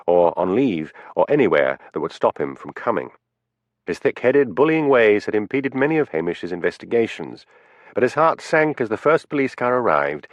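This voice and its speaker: A male audiobook narrator reads in a low voice with lively, expressive delivery. His storytelling stays steady. The audio is dry and slightly dull. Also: no echo. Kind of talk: scripted narration.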